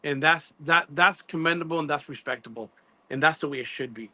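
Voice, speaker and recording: A man hosting a casual live-stream interview, shouting out viewers and praising his guest. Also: on the high side, brisk, a crowd in the background. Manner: shouts out viewers, admiring and emphatic. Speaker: show host. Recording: dull lo-fi dry sound.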